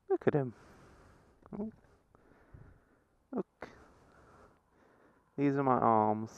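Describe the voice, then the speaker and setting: A man's voice: medium pitch, very animated, extremely slow, pauses often, smooth, no echo. A man, a motorcycle vlogger giving playful, sweary commentary and cooing baby-talk at cows. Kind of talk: casual helmet-cam commentary. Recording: dull lo-fi helmet-cam audio.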